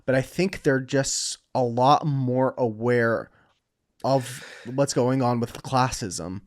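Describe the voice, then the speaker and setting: A man's voice: medium pitch, slow pace. A man in casual podcast chat, joking and swearing freely. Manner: profane, joking.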